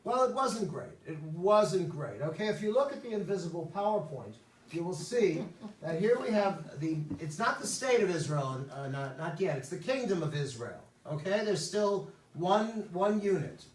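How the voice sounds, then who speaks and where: A man's voice: high voice, expressive, normal speed. A man teaching a Bible class as a rabbi, telling the stories with wisecracks and chatty asides, in a temple room. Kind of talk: joking Bible lesson. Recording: roomy sound from a distance.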